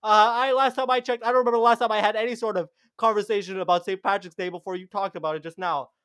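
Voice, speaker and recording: Brief: young man, high voice, dry close sound, heated sarcastic rants with swearing, casual podcast co-host. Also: little pitch movement, very fast, a bit bright, dry recording. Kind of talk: casual chat.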